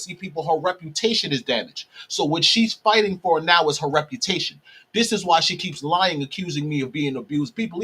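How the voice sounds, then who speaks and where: A man's voice: a little high, fairly bright tone, breathy edge. A man delivering a heated ranting monologue straight to his viewers, repeatedly calling out to them. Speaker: vlogger.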